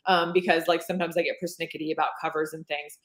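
A woman's voice: low voice, flat delivery, fast. Chatty woman author, echoey room. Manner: chatty, self-deprecating, many fillers. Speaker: author guest. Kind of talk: casual interview chat.

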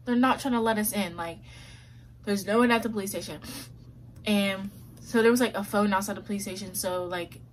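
A woman's voice: medium pitch, fairly quick, slight background noise. A young woman vlogger telling a story to camera in a casual, chatty way, full of fillers. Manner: chatty, many "like" fillers, quotes others in her own voice.

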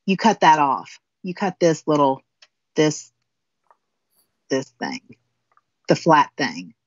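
This guest crafter from southern Indiana has a deep, sing-song voice and speaks at a slow pace, demonstrating a finishing technique step by step in folksy, casual chat. The recording has no room sound and its highs are cut off.

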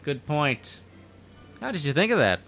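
A playful man in a casual podcast chat, laughing often. His bright voice moves up and down a lot, and faint room noise runs underneath. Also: on the high side, big pitch swings, measured pace, faint music behind. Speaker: podcast co-host.

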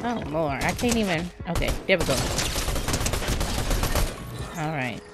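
A woman hosting her gaming channel, giving excitable live commentary as she plays, exclaiming and talking to the game in casual, Southern-flavored speech. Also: low voice, measured pace. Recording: game music playing loudly behind.

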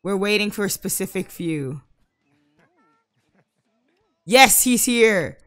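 A woman giving casual Let's Play commentary, exasperated and bursting into loud outbursts at the game. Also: medium pitch, animated, slow. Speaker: gaming YouTuber.

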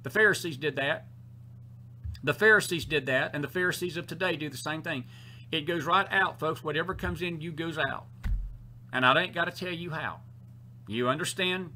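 A man's voice: on the high side, normal speed, pushed and bright, a little hiss or hum. A man with a Southern US accent preaching a sermon, emphatic and fond of repeating his key phrases, with sarcastic asides to the congregation.

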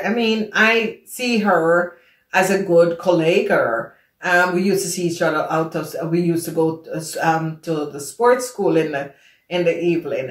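Emphatic woman. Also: lowish voice. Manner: emphatic, repeats phrases for stress. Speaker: tarot reader. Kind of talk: casual storytelling monologue. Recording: echoey room.

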